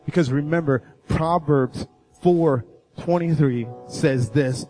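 A man delivering a sermon to a congregation, his voice sitting a touch high for a man. He tells a story with building intensity and makes urgent, direct appeals. Soft worship music plays underneath. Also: moderate pace. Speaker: guest speaker. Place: church sanctuary.

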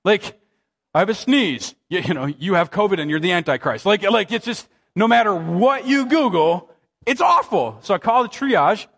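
A man in his thirties, a pastor, preaching a sermon with dramatic scripture reading and lively, conversational storytelling. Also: sits high, moderate pace, breathy edge. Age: 30s.

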